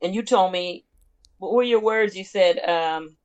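Casting note: woman in her sixties, longtime teacher, reflective and self-deprecating, mid-pitched voice, laughs easily. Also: measured pace, clean tone, muffled recording. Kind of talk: casual conversation.

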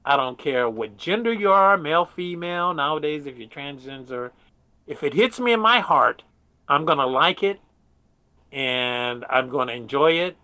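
An older man reminisces at an easy, wandering pace, circling back with restarts and dropping "man" into his sentences. His voice sits a little high for a man. The sound is close and dry, with no room around it. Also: lively intonation, moderate pace, pushed and bright, clean tone, no room sound, muffled recording. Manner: rambling, says "man" often, many restarts. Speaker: interviewee. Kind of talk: casual storytelling.

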